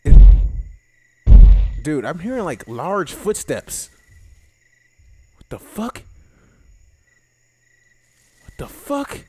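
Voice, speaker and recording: A young man giving casual let's-play commentary, excitable, swearing often and talking to himself as he plays. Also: fairly high pitch, drawn-out words, long pauses, slightly rough. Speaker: gaming video host.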